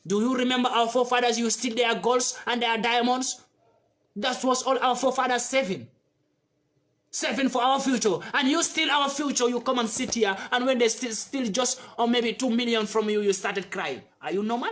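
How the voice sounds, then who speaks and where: A man from West Africa speaks in a high register, driving each point home with blunt repetition. His delivery is fiery and preacher-like, swinging between loud outbursts and low, pressing phrases. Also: moderate pace. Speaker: activist commentator. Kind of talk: impassioned monologue.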